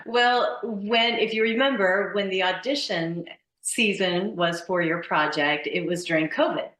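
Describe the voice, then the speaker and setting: Animated woman chatting in an echoey room. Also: mid-range voice, a little slow. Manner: animated, laughing, acts out quotes. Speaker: voice actress guest. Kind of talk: casual chat.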